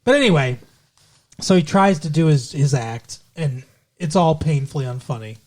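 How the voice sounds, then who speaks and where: Man, podcast co-host, casual chat, animated, profane, lots of fillers, somewhat high voice. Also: normal speed. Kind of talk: casual chat recapping a TV show.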